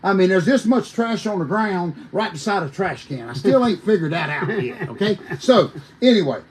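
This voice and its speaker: Older man, folksy animated storyteller, slightly high voice. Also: normal speed, rough recording. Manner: folksy, emphatic, addresses listeners as folks. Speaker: guest storyteller, former wrestler.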